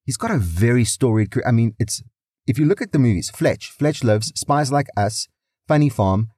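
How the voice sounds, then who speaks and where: Lively, slightly husky podcast guy. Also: medium pitch, dry recording, studio quality. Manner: lively, teasing, drops into quick put-on voices. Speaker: podcast co-host. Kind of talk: casual chat.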